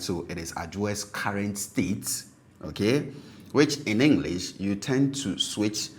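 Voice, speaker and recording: A very low-pitched man with a Ghanaian accent gives a language lesson. He explains patiently, repeats each word slowly and keeps checking in with his listener. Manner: patient, repeats words slowly with frequent "okay?" check-ins. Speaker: language teacher.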